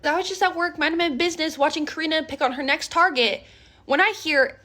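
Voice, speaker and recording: A woman telling a workplace story in a storytime skit, animated, dropping to whispers and rising again. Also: high voice, fast. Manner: animated, switching between whispers and raised voices.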